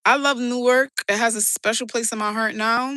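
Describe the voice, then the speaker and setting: Bright-voiced New York woman streaming. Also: a little high, steady tone, normal speed, dry recording. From New York City. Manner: slangy, laughs often, talks back to chat. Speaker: live streamer reading chat. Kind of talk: casual livestream chat.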